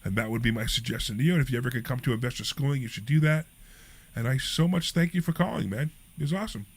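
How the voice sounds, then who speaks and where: Brief: male radio host, mid pitch, rambling, emphatic finance chat. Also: fast talker, slightly rough. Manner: rambling, emphatic, repeats himself. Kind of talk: casual talk radio chat.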